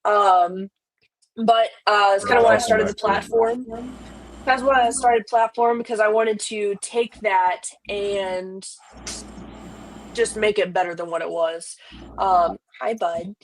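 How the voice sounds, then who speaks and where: A woman's voice: medium pitch, fairly even intonation, slow pace, slight background noise. Laid-back woman with a Louisiana twang. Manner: laid-back, rambling with fillers. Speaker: podcast guest. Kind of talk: casual chat.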